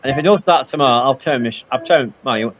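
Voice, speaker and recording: A man's voice: mid-range voice, fast, slight background noise. A man, telling rambling stories full of quoted dialogue on a casual live stream. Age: 50s. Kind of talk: casual chat.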